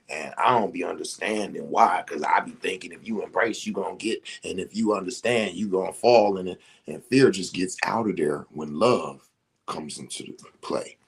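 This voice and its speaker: Husky-voiced man giving a spiritual pep talk. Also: deep voice, normal speed. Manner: emphatic, preachy, addresses listeners directly. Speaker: ceremony facilitator.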